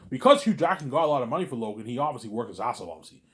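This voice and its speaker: Fast-talking animated man rambling. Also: medium pitch. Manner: animated, repetitive, talks to an imagined listener. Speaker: vlogger. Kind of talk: casual rambling monologue.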